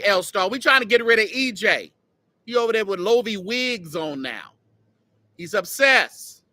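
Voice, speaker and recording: A man hosting a casual livestream outdoors, mocking and teasing someone in an animated way. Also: sits high, no echo. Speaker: host.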